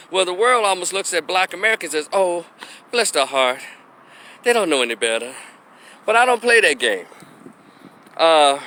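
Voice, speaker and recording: Blunt, bright-voiced middle-aged man ranting. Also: on the high side, a little hiss or hum. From Memphis, Tennessee. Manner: blunt, opinionated, acts out quoted voices. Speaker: opinion commentator. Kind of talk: opinion monologue vlog.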